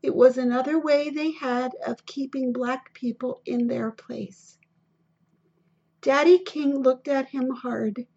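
Woman reading a kids' story aloud, high voice, husky, muffled old-sounding audio. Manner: steady, deliberate reading. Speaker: narrator. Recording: dull lo-fi recording.

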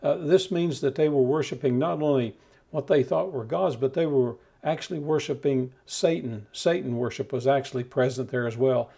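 A man preaching a steady, measured Bible teaching, talking the listener through scripture. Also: medium pitch, creaky, breathy edge. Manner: calm measured teaching with occasional restarts.

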